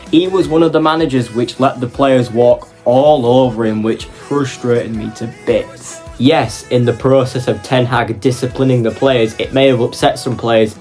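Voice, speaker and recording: A man's voice: mid-range voice, darkish tone. Passionate man ranting about football. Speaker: football fan vlogger. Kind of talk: opinion vlog monologue.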